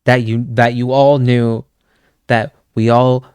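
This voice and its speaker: A man's voice: medium pitch, level tone, slow pace, a little mellow, smooth, no room sound. A man streaming, chatting casually with his viewers, rambling and swearing as he goes. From Canada. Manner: rambling, swears often, chuckles.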